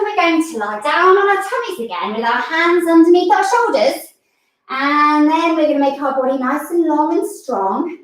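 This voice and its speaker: A high-voiced woman teaching yoga to children, speaking slowly and singing short counting verses between moves. She sounds a little out of breath. Her voice rings around a very echoey room and comes from some distance away from the microphone. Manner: bright, encouraging instructions with sung counting verses. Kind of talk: guided kids' yoga lesson with singing.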